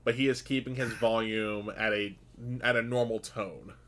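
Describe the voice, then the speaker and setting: A man narrating a tabletop game as game master, in a casual, relaxed way. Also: on the low side, normal speed, noisy background. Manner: casual, relaxed storytelling with fillers.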